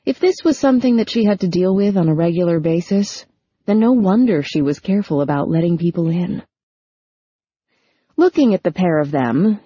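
A woman narrating a romance novel as an audiobook, steady and even, close on the mic. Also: fairly low pitch, breathy edge, no room sound, highs cut off. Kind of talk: scripted narration.

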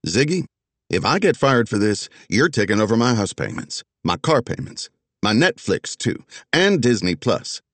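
Man voicing a skeptical investigator, needling, argumentative, raised lively pitch. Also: normal speed, dry recording. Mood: arguing.

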